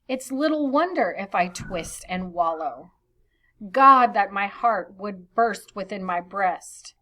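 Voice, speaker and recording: A woman's voice: mid-range voice, lively intonation, slow pace, pushed and bright, exaggerated voice. A woman reading a scornful, sulking knight. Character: young knight, petulant and scornful.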